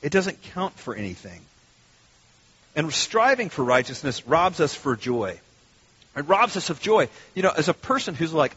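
A middle-aged man preaches with a lively, swooping delivery and a fairly high voice. His tone is husky, and he slips into loud mock rants. The recording sounds dull and lo-fi. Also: moderate pace. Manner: animated, conversational preaching with sudden loud mock outbursts. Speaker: pastor. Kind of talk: sermon.

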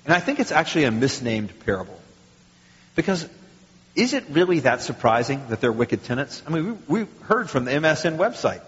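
A man's voice: fairly high pitch, a little fast. Guy preaching a sermon, voice jumping all over, kinda dull lo-fi sound. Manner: animated preaching with acted quotes and rhetorical questions. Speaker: pastor. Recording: muffled sound with long hall reverb.

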